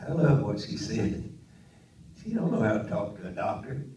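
An older man preaching a Pentecostal sermon in a church, swinging from quiet storytelling up to loud, high-pitched shouting. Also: lively intonation, normal speed. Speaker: pastor. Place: church sanctuary. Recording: roomy church audio from a distant mic.

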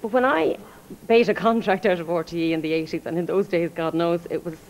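A woman's voice: on the low side, fairly quick, darkish tone, slight background noise, poor audio. An Irish woman, a former researcher, telling humorous stories as a guest on a live television chat show. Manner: chatty, humorous storytelling.

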